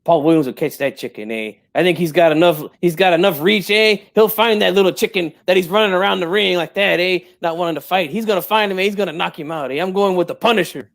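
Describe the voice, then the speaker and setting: A man's voice: high-pitched, quick pace, gravelly, few pauses. Man doing a brash old-school boxing dad. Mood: boastful. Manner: streetwise slang, tags every line with "eh" and "Holmes". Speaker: guest in character.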